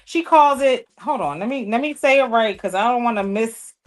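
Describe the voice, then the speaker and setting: A woman's voice: a little high, lively intonation, moderate pace. A woman hosting a sewing livestream, chatting playfully with viewers and people off camera, with speech. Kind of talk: casual livestream chat while sewing.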